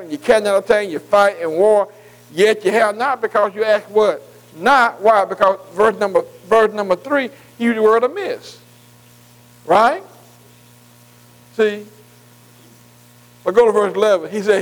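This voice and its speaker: On a low-quality recording, an older man with an extremely high-pitched voice preaches a folksy sermon. He frequently checks in with his congregation and invites them to respond.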